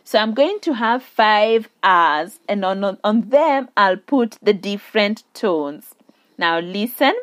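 A woman teaching a beginner Mandarin lesson, speaking slowly and deliberately and drawing out sounds to demonstrate them. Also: medium pitch, expressive, fairly bright tone. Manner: slow and deliberate, drawing out vowels and tones for demonstration. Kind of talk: slow spoken language lesson.

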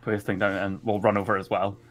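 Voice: low-pitched, flat delivery, fast, a loud crowd. Casual player narrating character actions. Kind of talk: tabletop role-play chat.

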